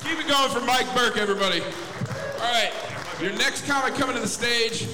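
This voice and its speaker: A man hosting a comedy night, loudly introducing the next comic. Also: very high-pitched, moderate pace. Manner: loud, hyping announcer delivery. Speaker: show host. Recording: echoey club room with crowd noise.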